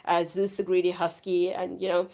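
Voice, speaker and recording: This woman's fairly low, darkish voice has a flat delivery and normal speed, and it sounds roughened by the flu. Hosting a live stream, she gushes on casually to viewers, wandering and repeating herself.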